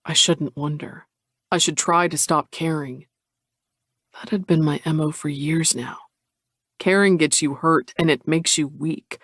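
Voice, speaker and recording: A man reading a romance audiobook in the first person, measured and introspective. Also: fairly high pitch, steady tone, a bit bright, dry recording, studio quality. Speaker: audiobook narrator. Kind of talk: first-person scripted narration.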